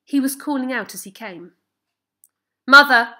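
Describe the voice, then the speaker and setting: A woman calmly reading a novel aloud as the narrator. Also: mid-range voice. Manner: calm, measured narration. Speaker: reader. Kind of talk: storybook reading.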